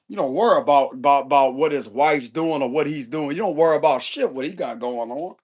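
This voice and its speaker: A man's voice: mid-range voice, a little fast, few pauses, darkish tone. A man giving a casual tarot reading in loose, profane, slangy chat, chuckling often. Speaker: tarot reader.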